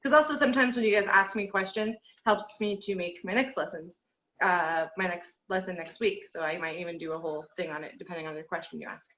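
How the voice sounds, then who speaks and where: A woman's voice: fairly low pitch, a little fast, a bit bright, echoey room, lo-fi sound. A woman teaching an online group singing lesson, encouraging her students and counting through number drills. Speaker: vocal teacher.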